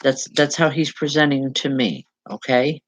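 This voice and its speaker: A woman medium giving a live spiritual reading to viewers, speaking in halting, repeated phrases with soft reassurance. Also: rumbling low, fairly even intonation, rough recording. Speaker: psychic medium.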